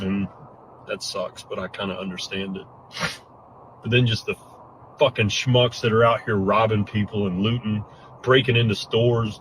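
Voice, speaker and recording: A man's voice: fairly low pitch, a little hiss or hum, poor audio. A man giving an earnest, choked-up update after a storm, speaking bluntly. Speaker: hurricane survivor giving an update. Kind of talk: emotional first-person update.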